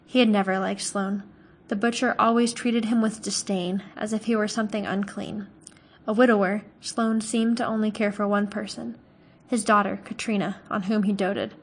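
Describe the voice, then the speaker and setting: A woman narrating a fantasy novel aloud in a calm, measured way. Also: mid-range voice, husky. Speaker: audiobook reader.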